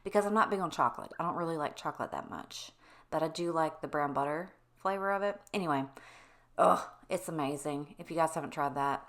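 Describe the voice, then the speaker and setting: A woman with a lower voice, a home cleaning vlogger, talks a little fast in a casual, chatty voice-over. She rambles and wanders off on tangents, speaking candidly and conversationally while addressing her viewers directly.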